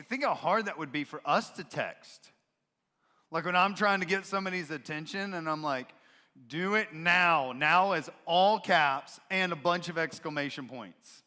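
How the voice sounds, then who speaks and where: A male pastor preaching a sermon in a church, expressive and emphatic, switching into voices to act out quotes. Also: fairly high pitch, moderate pace. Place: church sanctuary. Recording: reverberant church sanctuary.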